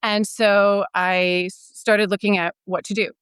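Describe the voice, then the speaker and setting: A woman in her fifties tells her story as a podcast guest, her voice smooth and resonant. She is casual and animated and acts out the dialogue she recalls, recorded close and dry. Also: mid-range voice, measured pace, no room sound.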